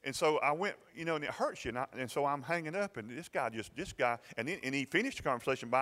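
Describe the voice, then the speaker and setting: A man's voice: on the high side, big pitch swings, quick pace, fairly bright tone. A middle-aged man with a Southern American accent telling a personal story in a sermon, folksy, stumbling over repeated words and chuckling often. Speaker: pastor. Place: church sanctuary. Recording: long reverb of a hall.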